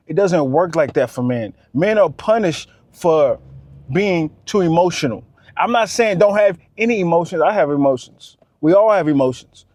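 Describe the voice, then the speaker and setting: A man's voice: fairly high pitch, expressive, normal speed, a little mellow. A man giving a casual, preachy monologue, repeating his points with emphasis. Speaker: vlogger.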